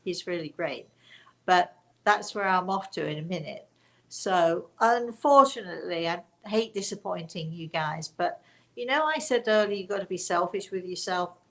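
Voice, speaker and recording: A woman's voice: fairly low pitch, normal speed, fairly bright tone. An older woman, a spiritual medium, talking in a rambling, chatty way to a live audience, often correcting herself and laughing. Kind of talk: casual live-stream chat.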